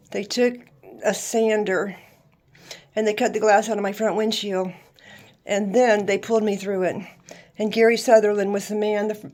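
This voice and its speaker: A woman, telling her life story in an emphatic, faith-filled monologue. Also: mid-range voice. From Louisiana, USA. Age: 60s. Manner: lively, emphatic testimony with faith talk. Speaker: vlogger.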